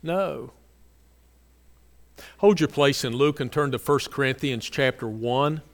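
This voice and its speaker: A man preaching a sermon, earnest and repetitive, pressing key phrases and then dropping to a soft, low delivery. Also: slow pace, big-room sound. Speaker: pastor.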